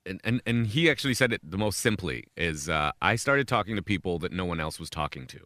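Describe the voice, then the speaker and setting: A man's voice: low voice, animated, brisk, pushed and bright, no room sound, studio quality. A man in a casual interview, speaking emphatically and repeating words as he builds a point.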